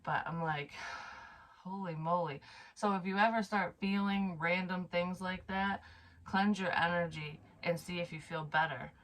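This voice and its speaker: A woman's voice: on the low side, steady tone, unhurried, fairly bright tone, poor audio. A woman psychic medium telling a personal story to camera in a casual, frank way, swearing freely, sighing and trailing off mid-sentence.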